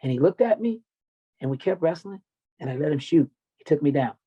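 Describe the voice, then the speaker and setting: A middle-aged man with a fairly high voice recounts his past in a blunt, profane, emotional way. The audio is dull and lo-fi, like a basic podcast recording. He speaks as a coach looking back on his youth. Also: lively intonation, fairly quick, husky. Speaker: podcast guest, wrestling and MMA coach. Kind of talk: candid personal storytelling.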